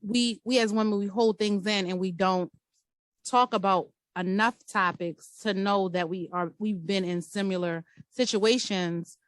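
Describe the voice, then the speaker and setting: Woman host thinking out loud, halting, dry close sound. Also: mid-range voice, steady tone, no echo. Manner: reflective, halting with repeated starts. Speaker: interview host. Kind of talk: casual interview chat.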